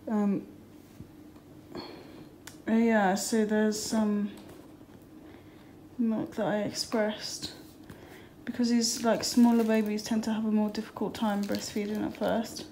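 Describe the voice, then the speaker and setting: A woman's voice: mid-range voice, level tone, slow pace, pauses often, warm tone, rough recording. A young woman from the UK, tired and out of breath, chatting casually to a phone camera in a hospital room. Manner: tired, chatty, bursts of laughter. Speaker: vlogger, new mother. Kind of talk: casual vlog chat. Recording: background hiss, room noise.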